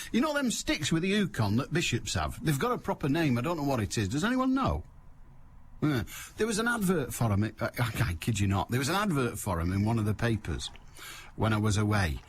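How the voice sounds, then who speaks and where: A man's voice: medium pitch, slight background noise. A man hosting a call-in radio show, talking in a wry, digressive, jokey monologue. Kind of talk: rambling comic monologue.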